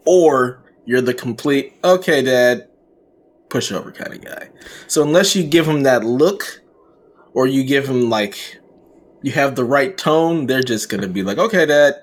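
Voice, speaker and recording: Man hosting with playful, swinging delivery. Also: medium pitch. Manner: playful, grandiose intros. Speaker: podcast host. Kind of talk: casual chat.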